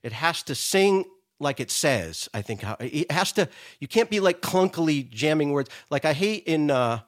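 A middle-aged man from Rhode Island, a comedy writer and songwriter, telling stories in casual chat and breaking into quick impressions and sung lines. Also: a little high, animated.

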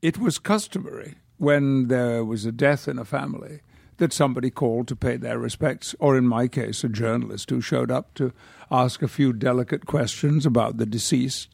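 An older man from the north of England, a guest actor telling anecdotes in a measured, articulate and wry manner. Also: mid-range voice, creaky, a little mellow, dry recording, clean studio sound. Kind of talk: anecdotal interview storytelling.

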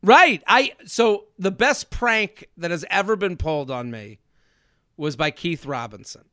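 Male comedy podcast host, animated storyteller, bright tone and dry close sound. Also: sits high, measured pace, no echo. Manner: animated storyteller, acts out quotes.

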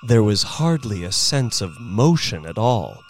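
Male audiobook narrator: unhurried, lively delivery. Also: on the low side, slight background noise. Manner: slow, expressive storytelling. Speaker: narrator and performer. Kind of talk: dramatic audiobook reading.

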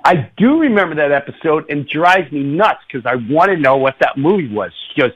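A middle-aged man hosting a radio show, telling an animated story with laughs and quick impressions. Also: on the high side, muffled recording, a little hiss or hum. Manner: animated, laughs often, does voices in anecdotes. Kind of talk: casual storytelling.

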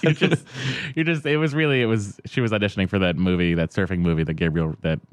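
A man's voice: low-pitched, quick pace, background noise. A man co-hosting a casual chat, rambling and making gloomy jokes. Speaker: co-host.

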